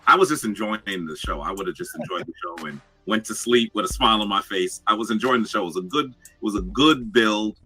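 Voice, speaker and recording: A man explaining his side on a live debate show, animated and talkative. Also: on the low side, brisk, few pauses, breathy edge, faint music behind, poor audio. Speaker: guest commentator.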